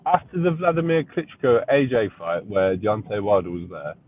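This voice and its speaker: A man calling into a live chat, making a measured, deliberate argument. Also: lowish voice, no room sound. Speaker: guest caller. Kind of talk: casual debate. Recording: tinny phone-like line.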